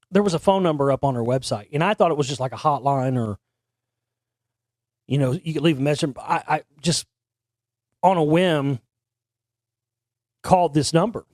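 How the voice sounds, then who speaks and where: A man's voice: fairly high pitch, lively intonation, moderate pace, long pauses, a little mellow, no room sound, studio quality. A man hosting an internet talk show, telling a long story in a rambling, casual way with frequent restarts and casual swearing. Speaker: podcast host.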